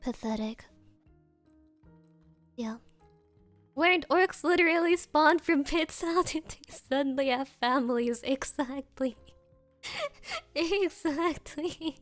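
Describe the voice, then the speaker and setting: A woman's voice: high voice, sing-song, slow, long pauses, fairly bright tone, soft background music. A woman streamer in casual chat, rambling through sarcastic rants and laughing often.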